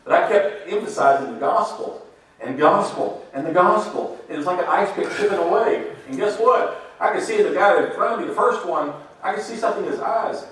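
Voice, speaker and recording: A man giving a lively testimony to a congregation, quoting scripture and laughing as he tells his stories. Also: high voice, a little fast. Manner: animated storytelling, quotes scripture, laughs often. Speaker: church member giving testimony. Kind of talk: sermon-like testimony. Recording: echoey hall, speaker far from mic.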